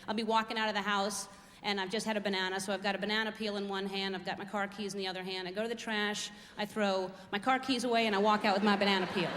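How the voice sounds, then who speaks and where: A woman's voice: mid-range voice, a bit bright. A middle-aged woman performing a stand-up comedy routine, rambling and poking fun at herself as she tells everyday stories on a theater stage. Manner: rambling, self-mocking, observational. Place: large theater stage before a live audience. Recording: reverberant hall, crowd and background noise.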